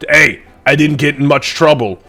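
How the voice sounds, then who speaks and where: A man's voice: on the high side, moderate pace, pitched above the performer's own voice. A man playing a rowdy drunken dwarf. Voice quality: loud and coarse, swearing. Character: gruff drunken male dwarf, boisterous.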